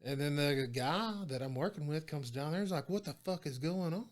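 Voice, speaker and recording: A man, a former prison guard telling stories in a casual interview, animated and full of cursing. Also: on the high side, fairly quick, hardly any pauses. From Oklahoma. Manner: profane, animated storytelling with quoted dialogue.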